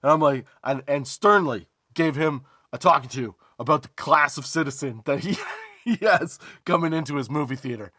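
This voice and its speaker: A man hosting a comedy podcast, telling a story as a profane, emphatic rant, drawn-out emphasis and rhetorical asides like "okay?". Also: a little high, pushed and bright, dry recording, studio quality. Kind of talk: comedic ranting monologue.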